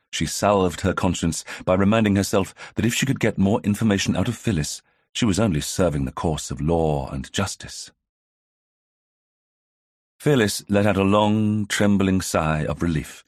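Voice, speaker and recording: A man narrating an audiobook in a measured, even storytelling manner. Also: sits low, slightly rough, no echo, studio quality. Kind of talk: scripted narration.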